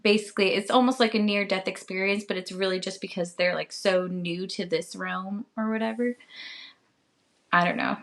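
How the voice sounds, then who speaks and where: A woman co-hosting a podcast, chatting casually in an unhurried, hesitant way with many filler words. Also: medium pitch, fairly even intonation, a bit bright. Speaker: podcast co-host.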